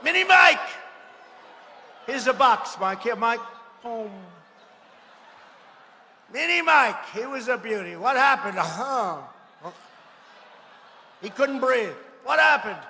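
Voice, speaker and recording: A man giving a rally speech, boastful and mocking, repeating himself and bursting into shouts. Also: very high-pitched, a little slow, gravelly, long pauses, slight background noise. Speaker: political speaker at a rally. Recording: echoey hall with faint ambience.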